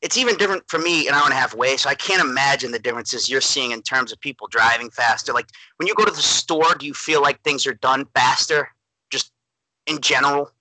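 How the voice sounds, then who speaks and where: A young man from Massachusetts, a podcast co-host in casual chat, animated and emphatic, laughing easily. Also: mid-range voice, fast, dry recording, rough recording.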